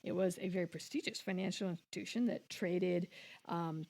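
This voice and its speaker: A woman's voice: on the low side, steady tone, normal speed, gravelly, darkish tone. Woman, podcast co-host, casual explaining, long winding turns. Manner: explains at length, with many restarts and quoted voices.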